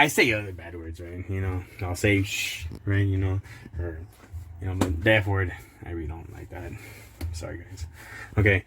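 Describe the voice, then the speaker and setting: Casual guy ranting at a document, laughs a lot, kinda sarcastic, halting reader. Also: on the low side, a bit bright, slight background noise. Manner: indignant outbursts. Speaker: channel host reading court documents. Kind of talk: casual vlog commentary.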